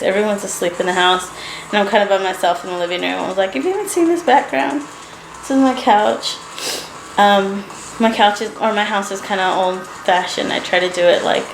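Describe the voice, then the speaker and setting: A woman's voice: mid-range voice, echoey room, noisy background. A sleepy young woman chatting in a rambling, laughing way as a doll-collecting vlogger, late at night in her living room. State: sleepy, yawning. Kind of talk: casual late-night chat to camera. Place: living room at home, indoors.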